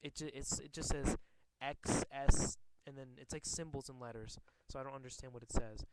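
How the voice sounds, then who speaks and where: A man's voice: medium pitch, steady tone, heavy background noise. A man casually reading a comic aloud and commenting on it, often stumbling and rereading lines. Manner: halting, rereads and corrects himself. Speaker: comic reader.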